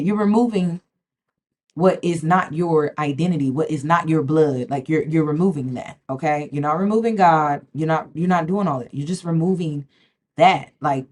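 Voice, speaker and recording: Woman, low voice, emphatic, repetitive, casual vlog talk. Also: darkish tone. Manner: emphatic, repeats words, keeps checking in with "okay?". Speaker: spiritual vlogger. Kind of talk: casual direct-to-camera talk.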